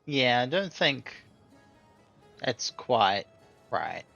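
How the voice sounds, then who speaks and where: A man's voice: medium pitch, sing-song, very slow, gravelly, bright, forceful tone. A man streaming a game, laid-back and wry in casual commentary. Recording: dull lo-fi mic. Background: game music.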